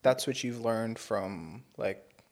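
A young man in his twenties with a lowish voice, chatting casually as a podcast co-host. He speaks bluntly and swears freely. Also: slow pace, a little mellow. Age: 20s. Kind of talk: casual chat.

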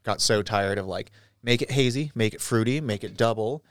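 A man with a lowish voice chatting casually as a podcast guest. He rambles through stories and often trails off mid-thought. The sound is close and dry. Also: normal speed, clean tone, no room sound. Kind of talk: casual chat.

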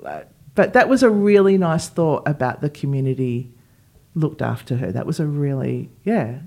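A woman's voice: low-pitched, normal speed. A woman, a podcast co-host telling a personal story in casual chat and acting out what others said. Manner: animated, acts out quoted dialogue.

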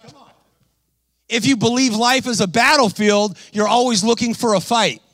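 A man preaching an energetic sermon, animated and exhorting, calling out to the congregation. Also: very high voice, normal speed, no room sound. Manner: animated, exhorting, calls to the crowd.

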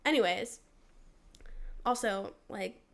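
A woman's voice: medium pitch, slow, creaky, a bit bright. A young woman co-hosting a casual podcast, telling stories animatedly, acting out quotes, with many "like" fillers. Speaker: podcast co-host. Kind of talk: casual storytelling chat.

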